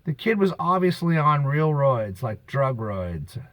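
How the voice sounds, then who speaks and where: A man's voice: on the high side, sing-song, a little slow, dry recording, rough recording. Rambling, preachy man with a dry sound. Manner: preachy, emphatic, drifts off-topic. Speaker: vlogger. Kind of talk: rambling monologue to camera. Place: outdoors on a beach.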